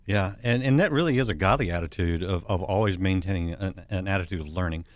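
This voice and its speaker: A man's voice: sits low, fast, no room sound. A man hosting a talk show interview, affirming what his guest says, laughing easily and often repeating words. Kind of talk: interview chat.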